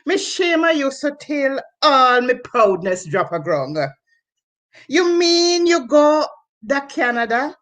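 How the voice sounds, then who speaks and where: A woman puts on a Jamaican parent scolding a son in rhythmic dialect verse. The voice sits a little high and moves slowly. It comes through a video call. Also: fairly bright tone, full character voice. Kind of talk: dialect poetry recitation.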